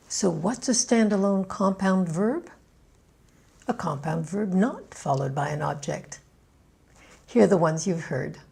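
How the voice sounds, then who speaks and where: Canadian lady teaching pronunciation, husky mellow voice, takes her time. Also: fairly low pitch, expressive, measured pace, long pauses. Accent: Canadian English. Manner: patient, clearly enunciated teaching with drilled examples. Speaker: pronunciation coach. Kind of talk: scripted pronunciation lesson.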